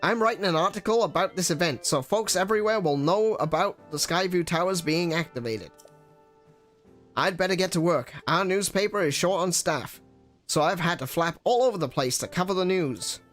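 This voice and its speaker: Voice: medium pitch, moderate pace, a bit bright, soft background music, voice pushed up, close to an everyday voice. A streamer voicing a cheery male bird newspaper reporter in a fan-voiced game playthrough, talking in an old-time American newsreader manner. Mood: brisk, upbeat.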